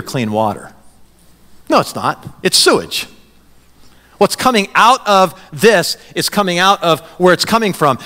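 Pastor guy preaching, bright high voice, conversational, acts out what people say, echoey church hall. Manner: conversational preaching with acted-out quotes. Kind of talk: sermon. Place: church sanctuary.

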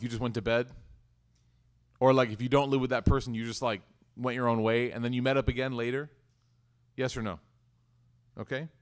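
A man giving a lively religious talk to a live audience, conversational and questioning the listeners directly. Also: medium pitch. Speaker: religious teacher.

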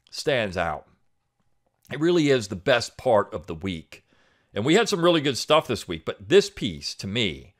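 Middle-aged male host, slightly low voice, earnest and halting, reads an essay and then chats about it. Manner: earnest, halting with frequent fillers and restarts. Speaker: podcast host. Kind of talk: reading an essay aloud, then casual commentary.

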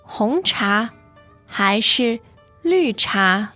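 A woman's voice: a little high, animated, extremely slow, sharp tone, soft background music. A woman co-hosting a language lesson, patiently modeling words with careful repetition. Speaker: Mandarin lesson co-host. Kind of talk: slow model pronunciation.

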